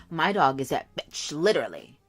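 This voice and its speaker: A woman hosting a casual livestream, chatting directly to her viewers while she does her makeup. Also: deep voice. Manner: chatty, talks straight to viewers. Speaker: livestream host. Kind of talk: casual live chat while doing makeup.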